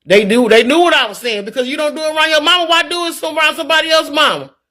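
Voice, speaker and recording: Livestreamer woman, middle-aged, earnest and preachy, bright tense voice, stumbles over repeated words. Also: high voice, racing. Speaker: livestreamer reading viewer comments. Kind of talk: candid live-stream talk.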